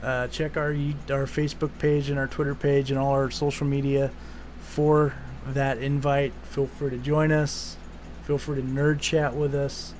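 A man's voice: mid-range voice, level tone, a little slow, a little mellow, slight background noise. A man hosting a podcast, talking in a rambling, casual way with swearing and restarts. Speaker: podcast host.

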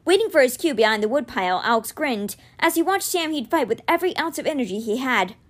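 Lady reading a kids book out loud, kinda high voice, lively storytelling. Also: quick pace. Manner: expressive, voices dialogue with raised pitch. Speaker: reader. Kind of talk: reading a children's novel aloud.

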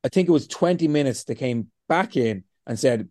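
Animated man telling a story. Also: mid-range voice, moderate pace, dry recording, clean studio sound. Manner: animated, swears freely, quotes himself. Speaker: interview guest. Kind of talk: casual storytelling.

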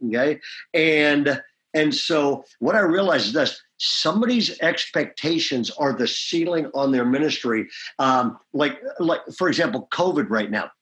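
Brief: male pastor, slightly high voice, emphatic, drives points home with "okay?". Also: lively intonation, unhurried, a bit bright. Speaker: pastor and leader. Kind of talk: leadership interview.

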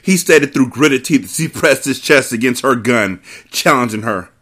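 A man's voice: mid-range voice, lively intonation, normal speed, fairly bright tone. A man hosting a book podcast, reading a novel aloud and breaking off for profane, sarcastic commentary. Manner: profane, sarcastic asides and mock voices. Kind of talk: comic read-aloud with commentary.

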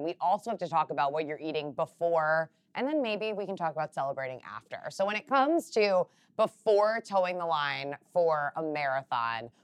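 A woman hosting a live panel chat, upbeat and conversational as she guides the questions. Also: deep voice. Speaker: host. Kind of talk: panel interview.

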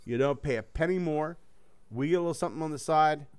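A man's voice: a little high, fast, a little mellow, clean tone. A man reading a choose-your-own-adventure book aloud to friends, with loose, joking and profane asides. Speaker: reader running a gamebook for friends.

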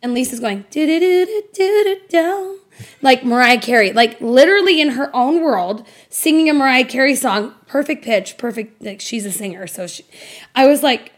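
A woman's voice: a little high, expressive, normal speed. A woman co-hosting a casual podcast chat, emotional and blunt, swearing freely as she talks. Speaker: podcast co-host.

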